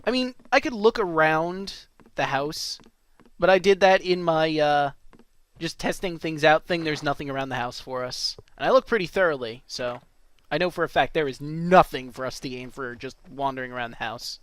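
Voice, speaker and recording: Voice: medium pitch, normal speed, fairly bright tone, clean tone, no echo. A let's play host giving casual, jokey commentary over a game, often correcting themselves mid-sentence. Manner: chatty, jokey, self-correcting asides.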